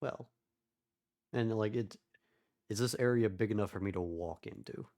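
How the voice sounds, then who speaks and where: A player in a tabletop game, playful and casual, quick to laugh. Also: medium pitch, dark tone.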